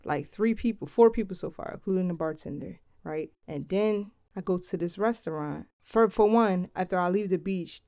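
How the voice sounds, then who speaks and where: A young woman from Philadelphia casually telling a travel story in a laid-back, slangy, animated way. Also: lowish voice, moderate pace, few pauses, no room sound, clean studio sound.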